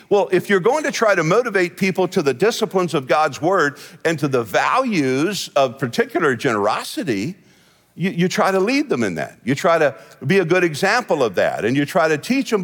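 A man's voice: high voice, very animated, normal speed, a bit bright. A middle-aged man, a senior pastor, preaching a conversational sermon in a church, folksy and storytelling, laughing often. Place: church sanctuary. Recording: long hall reverb.

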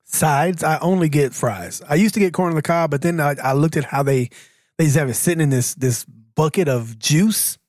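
A man's voice: fairly high pitch, normal speed, darkish tone, no echo. A man co-hosting a casual podcast chat, answering in a laid-back, dry way. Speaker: podcast co-host.

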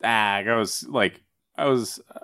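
A man's voice: fairly low pitch, animated, fairly quick. A young man in casual podcast chat, rambling with lots of filler words. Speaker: podcast co-host.

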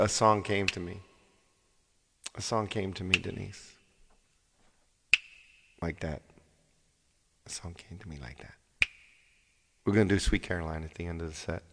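A man's voice: sits low, fairly bright tone. A man singer live-streaming to his viewers, chatting casually and rambling, often repeating his phrases. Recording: long hall reverb, faint music behind.

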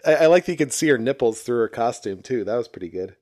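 A man's voice: mid-range voice, lively intonation, fast, a little mellow, no room sound, clean studio sound. A man co-hosting a casual chat about an old TV episode, mocking and crude, laughing often.

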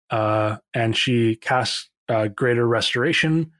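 A man narrating a tabletop game as game master, halting with many fillers. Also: mid-range voice, dry recording, studio quality.

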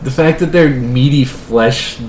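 A man narrating a tabletop game as game master, animated and laughing often, with frequent fillers. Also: mid-range voice, measured pace, roomy sound, a loud crowd.

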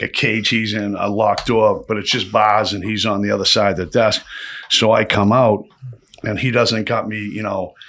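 A man telling rough prison stories in a casual, profane, animated way, acting out the voices. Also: lowish voice. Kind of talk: casual storytelling chat.

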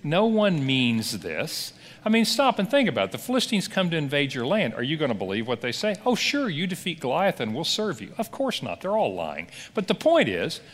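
A man who is a pastor, teaching a Bible class as an animated, conversational storyteller who asks rhetorical questions. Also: a little high, normal speed, in a large hall. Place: church hall or classroom.

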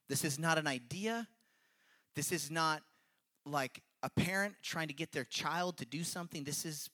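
A man's voice: on the high side, lively intonation, normal speed, pushed and bright. A man giving a casual, conversational sermon, reading scripture aloud and explaining it in an earnest, chatty way that keeps checking in with his listeners. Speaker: preacher.

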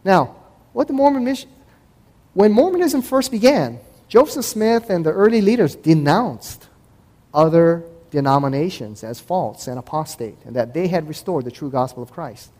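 A man giving a conversational talk to an audience as a host and Christian apologetics speaker, acting out past dialogues in quick voices. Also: fairly high pitch, expressive, dark tone. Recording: echoey hall with long reverb.

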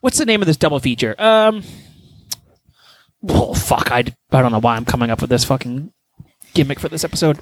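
A man at medium pitch talks a little fast on his podcast, pausing often as he rambles through a story and swears freely. It's casual, animated chat with no echo.

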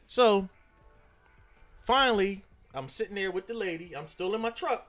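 A man telling a profane, animated story to friends, acting out the voices of people in it. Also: high-pitched, fairly quick, faint music behind. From Philadelphia. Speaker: storyteller guest. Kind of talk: casual storytelling among friends.

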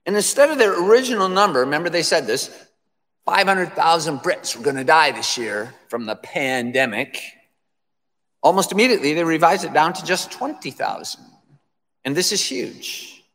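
Male preacher, emphatic and repetitive, highish lively voice. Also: normal speed, in a large hall. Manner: emphatic, repeats phrases for effect. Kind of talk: sermon.

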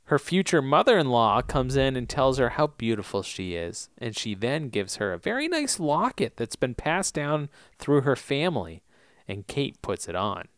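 A man's voice: mid-range voice, sing-song, normal speed, a bit bright, no room sound. A man co-hosting a podcast in casual chat, recapping TV episodes in a laid-back, joking way. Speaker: podcast co-host.

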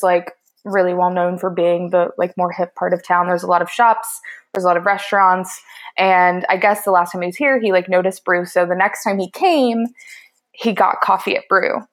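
A woman baker, a podcast guest, telling a story casually with lots of laughter and fillers. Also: on the low side. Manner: animated, laughing, many fillers like "like" and "um". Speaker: baker and cookbook author guest.

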